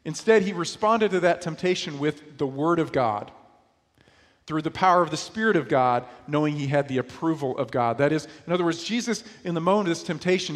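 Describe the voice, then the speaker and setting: A man's voice: fairly high pitch, brisk, long reverb tail. A man from New York preaching a sermon in a conversational way, often asking his listeners rhetorical questions. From New York, USA. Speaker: pastor.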